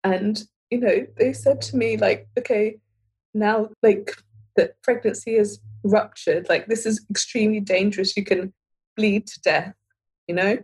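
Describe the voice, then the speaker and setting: A woman's voice: on the high side, darkish tone, slightly rough, poor audio. A woman in her thirties, a guest in an interview, telling a personal story with many fillers and restarts.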